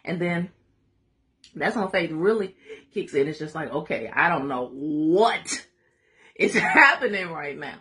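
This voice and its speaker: A woman leading a live Bible study in a lively call-and-response preaching style, laughing and making asides to viewers. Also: low-pitched, a little slow, pauses often.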